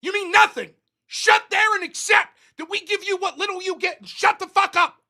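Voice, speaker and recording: A man voicing a contemptuous, entitled senator who shouts profane scorn at voters. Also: very high-pitched, fairly even intonation, moderate pace, pitched above the performer's own voice, exaggerated voice. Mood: sneering contempt.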